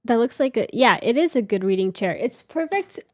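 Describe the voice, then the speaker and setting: A woman's voice: mid-range voice, fairly quick, darkish tone, dry recording, clean studio sound. A woman in her thirties hosting a livestream from home, chatting casually and giggling as she answers her viewers. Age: 30s. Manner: chatty, giggly, reads chat aloud. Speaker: livestream host. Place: home room with reading chair.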